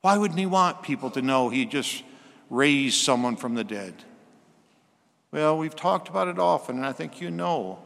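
A man's voice: a little high, lively intonation, normal speed, gravelly, fairly bright tone. Man preaching a sermon in a reverberant hall.

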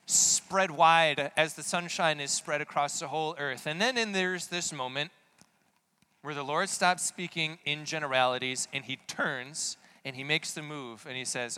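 A man's voice: a little high, moderate pace, sharp tone, smooth. A man giving a conversational sermon, asking many rhetorical questions. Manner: casual, full of rhetorical questions. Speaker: preacher.

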